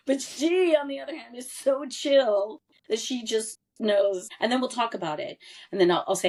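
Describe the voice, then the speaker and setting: A woman's voice: medium pitch, normal speed, darkish tone. A woman in her forties, a podcast guest telling a personal family story in an earnest, candid and emphatic way. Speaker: interview guest. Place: lived abroad in Europe.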